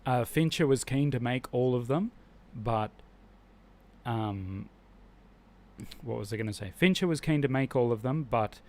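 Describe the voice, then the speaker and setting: A man's voice: medium pitch, unhurried. A man hosting a live stream, talking casually and with strong opinions, rambling and restarting his sentences often.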